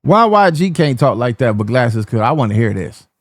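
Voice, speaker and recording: A man's voice: mid-range voice, sing-song, moderate pace, dry recording. Dry-voiced man hosting a reaction video. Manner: stammering, repeats himself, talks straight to viewers. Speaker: reaction channel host. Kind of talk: casual reaction commentary to viewers.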